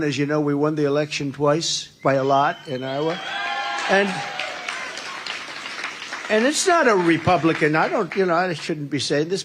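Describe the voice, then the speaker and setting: A man's voice: on the high side, slight background noise. An older man giving a campaign rally speech, rambling and boastful, often repeating his phrases. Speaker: political speaker at a rally. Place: large indoor rally room.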